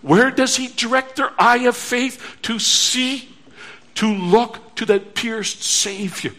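A man's voice: very high-pitched, takes it slowly, sharp tone. A man preaching a sermon, earnest and pleading, repeating phrases for emphasis.

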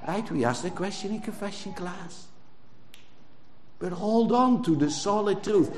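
Guy preaching a sermon, kinda high voice, slow, leans hard on words. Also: animated, noisy background. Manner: emphatic, drawn-out preaching with sudden loud stresses. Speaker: pastor.

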